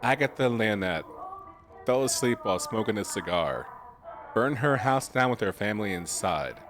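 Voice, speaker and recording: Low-voiced joking man streamer. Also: expressive, moderate pace, music in the background. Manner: joking, chatty, laughs often. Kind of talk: casual gameplay commentary. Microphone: desk mic with webcam.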